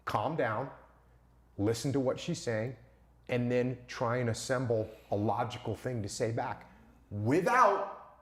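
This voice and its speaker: A man's voice: mid-range voice, fairly even intonation, measured pace, reverberant. A man answering as an interview guest, talking emphatically with rhetorical questions and repeated short punchlines.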